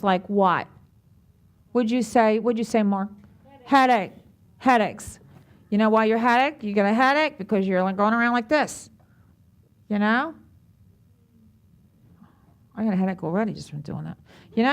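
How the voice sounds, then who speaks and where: A middle-aged woman leading a group class on stress, chatty and affectionate, often putting questions to her listeners. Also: mid-range voice. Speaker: stress management group leader. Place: group room at a care center.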